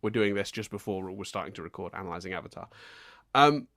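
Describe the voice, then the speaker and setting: A man co-hosting a casual podcast, animated and laughing often as he acts out his exasperated reactions. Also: deep voice, quick pace, no room sound, studio quality. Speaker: podcast co-host.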